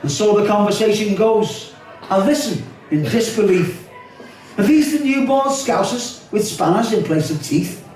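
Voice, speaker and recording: Older Liverpool man, live poetry recital, high voice, distant and echoey. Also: expressive, unhurried, darkish tone, soft background music. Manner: rhythmic, wry delivery with spoken asides. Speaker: poet performing his own work. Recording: echoey hall, voice from off-mic.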